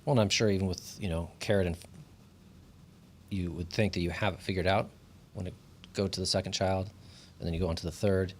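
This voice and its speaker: A man's voice: low-pitched, fairly even intonation, a little fast, long pauses, slight background noise. A young adult man, a guest on a podcast, telling stories about his daughter in a thoughtful, chatty way full of likes. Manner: thoughtful, storytelling, lots of likes. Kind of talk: casual chat.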